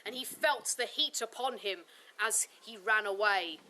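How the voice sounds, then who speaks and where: A woman narrating a folk tale in a lively, expressive way. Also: mid-range voice, unhurried, background noise. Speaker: storyteller. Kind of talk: live storytelling narration.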